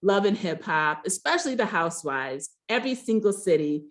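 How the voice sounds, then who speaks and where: A woman's voice: medium pitch, expressive, moderate pace. A woman casually recapping a reality show episode, rambling with many fillers and giving blunt, gossipy opinions.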